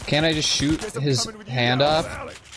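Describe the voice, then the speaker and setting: A man's voice: on the high side, steady tone, slow, crowd noise. A man bantering and complaining playfully during a casual let's play. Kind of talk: casual gaming commentary.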